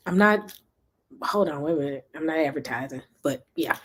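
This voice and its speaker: A woman's voice: low-pitched, moderate pace, husky. A woman from Memphis with a Southern accent, chatting and rambling casually on a livestream while reading comments. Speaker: livestream host.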